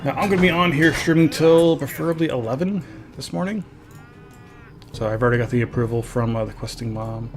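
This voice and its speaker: A man's voice: medium pitch, fairly quick, noisy background. A man chatting casually while streaming a game, reading viewer messages aloud, with frequent laughs and filler words. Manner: chatty, reads chat aloud, laughs often. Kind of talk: casual gameplay commentary.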